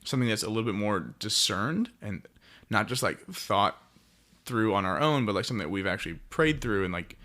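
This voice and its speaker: A man co-hosting a podcast who calmly pushes back and clarifies his point in a casual discussion. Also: lowish voice, a little fast. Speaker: podcast co-host.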